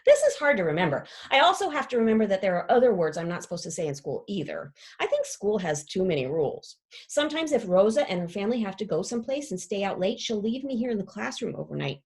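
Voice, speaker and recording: Lady doing a chatty parrot who rhymes, breathy voice, bounces all over in pitch. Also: fast talker. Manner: lively storytelling with playful rhymes and pitch leaps. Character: chatty, dramatic class pet parrot who writes rhymes. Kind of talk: children's book read aloud.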